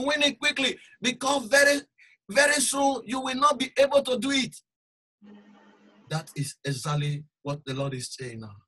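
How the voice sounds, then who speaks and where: A bright, high-voiced man preaching. He moves between loud, urgent exhortation and quiet, low asides. His tone stays sharp and forceful throughout. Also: breathy edge, rough recording. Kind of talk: sermon.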